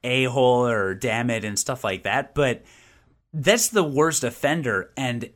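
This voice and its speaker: A man's voice: medium pitch, a little slow. A man co-hosting a gaming podcast in casual, opinionated chat, with many restarts. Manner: animated, opinionated, lots of restarts. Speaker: podcast co-host.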